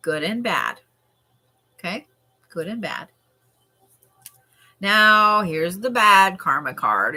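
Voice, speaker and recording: A woman doing a chatty, animated live-stream card reading as a tarot reader. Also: mid-range voice. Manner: chatty and animated, with frequent laughs and yawns.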